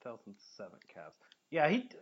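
Man, podcast co-host, casual sports chat, rambling, joking, animated pitch, dull lo-fi sound. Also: a little fast, breathy edge. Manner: rambling, joking, self-correcting.

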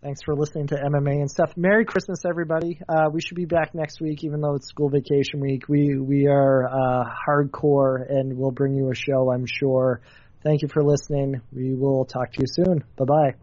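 A man's voice: medium pitch, level tone, moderate pace, dark tone, dry recording, muffled recording. A man hosting a podcast in casual chat, wry and sarcastic as he tells stories. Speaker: podcast host.

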